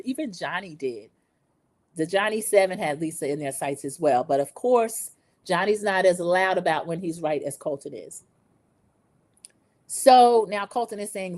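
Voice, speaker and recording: With a lowish voice and a darkish tone, this middle-aged recap host gives her opinions in a chatty, casual way, speaking right to her audience. Her home for over two decades has been the American South, and the recording has no room sound.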